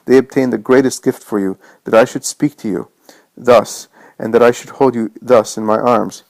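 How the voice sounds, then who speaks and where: A gentle, loving savior speaks in a solemn, tender manner, read by a man. The voice sits at a middling pitch and sounds dry and close. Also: steady tone, normal speed, creaky, no room sound, close to an everyday voice, poor audio.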